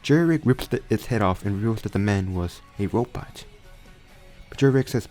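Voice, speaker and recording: A man's voice: lowish voice, moderate pace, darkish tone, faint music behind. A young man casually retelling a fan story, rambling with frequent restarts and self-corrections.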